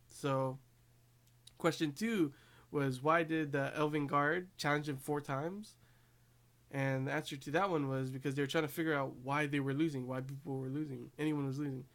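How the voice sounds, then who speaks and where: A man giving a casual, rambling recap of an anime episode, laughing often along the way. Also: mid-range voice. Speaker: anime reviewer.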